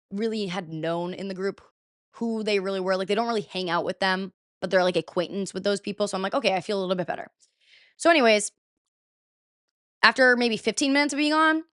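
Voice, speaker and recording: A young woman in her twenties tells a story to her podcast listeners in a loose, chatty way, swearing now and then and leaning on "like" constantly. Her voice is smooth and clear, recorded close and dry with no room around it. She sits at a middling pitch. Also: fairly bright tone, no room sound. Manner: chatty, swears freely, lots of "like". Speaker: podcast host. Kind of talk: casual storytelling.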